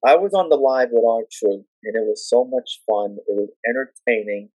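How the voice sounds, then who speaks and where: Excitable man with shrill shouted outbursts. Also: moderate pace, no room sound, rough recording. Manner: excitable, jumps into shrill shouting when retelling. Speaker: podcast guest. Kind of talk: casual chat.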